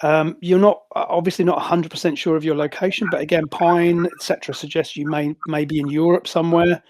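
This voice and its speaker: A man's voice: a little high, flat delivery, a little fast, darkish tone, no room sound, studio quality. A man narrating a tabletop game as game master, rambling with many fillers and restarts.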